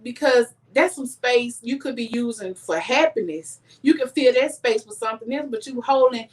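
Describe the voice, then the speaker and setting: A woman's voice: fairly high pitch, moderate pace. A middle-aged woman, giving earnest life advice straight to her viewers in a casual live stream. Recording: voice a bit distant from the mic.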